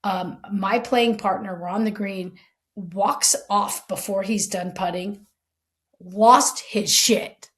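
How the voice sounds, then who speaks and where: A woman's voice: mid-range voice, slow. A middle-aged woman, a former police chief co-hosting a podcast, tells a story in casual chat, acting out the lines of the people in it and swearing freely. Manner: animated storyteller, acting out quoted lines, frank and profane.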